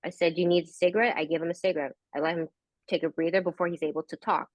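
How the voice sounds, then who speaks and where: Blunt, low-voiced woman telling a story. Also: steady tone, racing, no echo. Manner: blunt storytelling, swears freely. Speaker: podcast co-host. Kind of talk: casual group chat.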